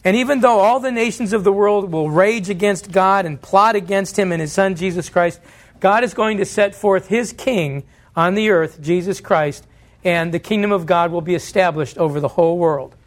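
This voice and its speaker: A man with a high, light voice preaches a sermon in church. He speaks earnestly, putting questions to his listeners and answering them himself. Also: moderate pace. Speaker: pastor.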